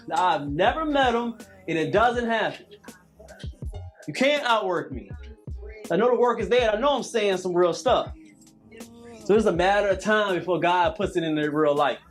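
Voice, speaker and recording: A man in his late thirties coaching a live calisthenics workout, repeating cues and preaching about hard work. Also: high-pitched. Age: late 30s. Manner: preachy, repetitive motivational cues.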